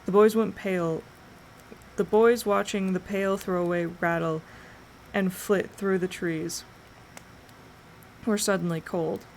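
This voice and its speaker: A woman streamer reading a novel aloud in slow, deliberate dramatic narration. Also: mid-range voice, fairly even intonation, creaky, darkish tone, a little hiss or hum, rough recording. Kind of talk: audiobook narration.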